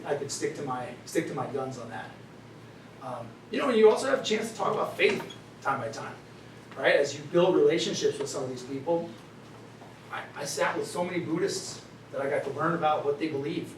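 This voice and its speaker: A middle-aged man speaks to a room of students in a lively, conversational way, often tossing in "right?" as he tells his stories. His voice sits a little high for a man. The recording is roomy and picked up from a distance, with a faint hiss underneath. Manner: animated, conversational, frequent "right?" asides. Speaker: guest speaker. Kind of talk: storytelling talk to students. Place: lecture room.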